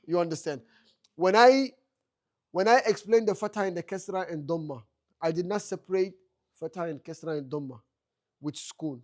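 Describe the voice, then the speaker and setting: A man with a high-pitched voice teaches a class in a mosque classroom. He keeps asking the students questions and then answers them himself. He repeats his key points to drive them home. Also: moderate pace, pauses often. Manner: repeats key phrases for emphasis. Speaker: Arabic teacher. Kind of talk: classroom lecture.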